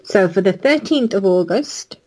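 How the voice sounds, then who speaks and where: A woman's voice: medium pitch, lively intonation, normal speed, darkish tone. A woman co-hosting a podcast in casual chat, teasing and playful. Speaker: podcast co-host.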